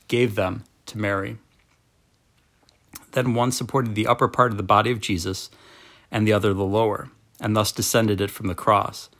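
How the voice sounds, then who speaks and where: A man reading a devotional book aloud in a slow, measured, solemn manner. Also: on the low side.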